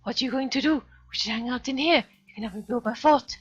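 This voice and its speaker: A woman voicing a paranoid, reclusive teenage boy who rants in loud, panicky outbursts. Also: a little high, fast, breathy edge, pitched above the performer's own voice. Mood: frantic. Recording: dull lo-fi stream audio, faint music.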